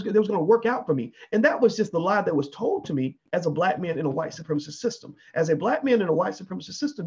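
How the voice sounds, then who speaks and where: A man's voice: high-pitched, a little mellow, slightly rough, highs cut off. A man giving an emphatic opinion monologue, often asking 'right?' and restarting his sentences. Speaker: commentator.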